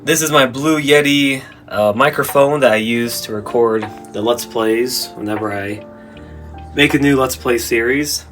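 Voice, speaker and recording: A young man in his twenties walks the camera around his bedroom and chats offhandedly, often stopping to correct himself. His voice sits at an ordinary middle pitch. Soft music plays faintly underneath. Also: measured pace. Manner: rambling, self-correcting, offhand. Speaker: YouTuber giving a room tour. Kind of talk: casual room-tour narration.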